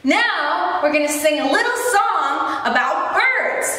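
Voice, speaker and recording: A young woman working as an environmental educator, leading a story time lesson for toddlers in a bright sing-song manner. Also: sits high, lively intonation, slow. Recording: echoey room with long reverb.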